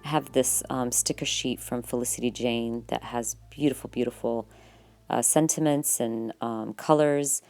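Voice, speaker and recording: A woman vlogger narrating her journaling process in a relaxed, chatty voice-over, full of fillers and quick self-corrections. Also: rumbling low.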